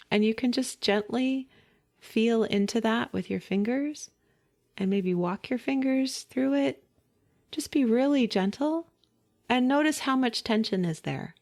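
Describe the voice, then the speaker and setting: Woman voice coach talking you through a warm-up, slow and easy, gentle. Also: mid-range voice. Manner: gentle, unhurried instructions with light laughs. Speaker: voice teacher. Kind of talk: guided vocal warm-up lesson.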